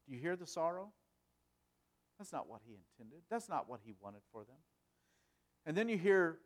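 A man preaching a sermon, asking rhetorical questions and moving between loud emphasis and quiet, hushed lines. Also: fairly high pitch, big pitch swings, moderate pace, pauses often.

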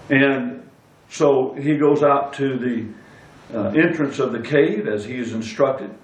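A man's voice: mid-range voice, expressive, a little slow. A man preaching a sermon, reading scripture aloud and stressing single words. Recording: echoey room, speaker far from mic.

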